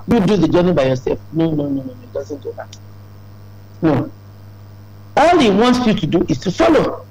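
Man, sermon, emphatic preaching, high voice, gravelly. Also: a little mellow, low-quality recording.

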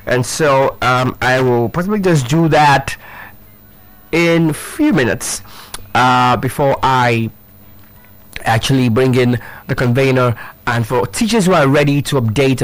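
A man's voice: mid-range voice, a bit bright. A man leading a live pronunciation drill for teachers, spelling words out letter by letter and talking to the audience with lots of fillers and repeats. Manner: drawn-out, instructive, many fillers and repeats; addresses audience directly, rhetorical questions.

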